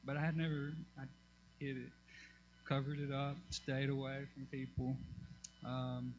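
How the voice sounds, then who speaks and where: A man giving a personal testimony in church, halting, with many fillers and restarts. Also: mid-range voice, level tone, lo-fi sound, noisy background.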